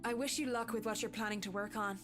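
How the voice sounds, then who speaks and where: A man's voice: sits high, steady tone, fast talker, music in the background, voice pushed up, close to an everyday voice. A man voicing a courteous, slightly apologetic woman with a pet dog, reading a visual novel aloud. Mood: polite.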